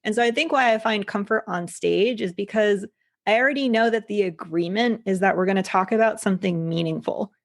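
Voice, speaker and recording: A woman's voice: mid-range voice, a little fast. A woman who is a life coach, speaking as a podcast guest in a thoughtful, reflective way. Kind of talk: casual interview chat.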